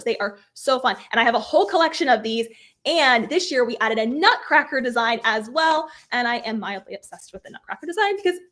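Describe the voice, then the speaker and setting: Upbeat chatty woman, slightly high. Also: fairly bright tone. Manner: chatty, upbeat, self-deprecating. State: slightly hoarse, losing her voice. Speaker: craft workshop host. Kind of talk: live craft tutorial.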